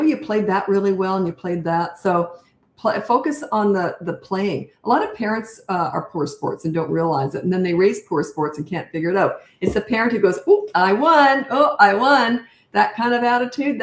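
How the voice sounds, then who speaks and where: An older woman, a parenting coach, answering viewer questions in a chatty, direct way. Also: medium pitch. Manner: chatty and direct, reads comments aloud. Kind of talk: live Q&A answering viewer comments. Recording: echoey room.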